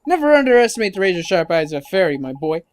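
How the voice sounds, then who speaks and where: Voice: medium pitch, very animated, rapid-fire, smooth, natural voice. A gamer voicing a cheeky, brash male fairy companion while reading a game's dialogue aloud, full of slang. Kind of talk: let's-play dialogue read aloud.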